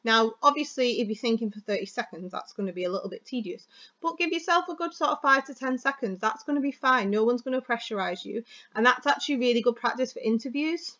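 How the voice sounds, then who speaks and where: A woman teacher giving a chatty, fast, expressive lesson on delivering speeches. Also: on the high side, lo-fi sound. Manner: chatty, fast and expressive, stressing words for effect.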